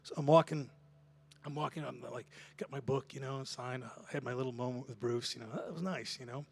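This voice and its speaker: A man's voice: medium pitch, a little fast, gravelly, breathy edge. A man who is a singer-songwriter, telling a casual, self-deprecating story between songs on a small club stage, laughing often and swearing now and then. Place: small live music club, Houston. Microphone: stage vocal mic.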